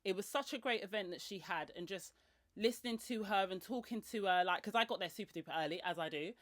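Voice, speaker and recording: A woman hosts her own casual solo podcast, talking quickly in a slightly bright voice over clean, echo-free studio sound. Her style is chatty and slangy, and she acts out other people's lines with big jumps in pitch.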